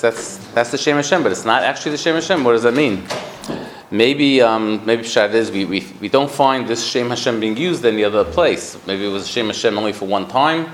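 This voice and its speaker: A man, speaking, teaches a Torah class to a study group, talking haltingly with many restarts and Yiddish-Hebrew terms. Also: medium pitch, slight background noise, rough recording. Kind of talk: Talmudic lecture to a study group.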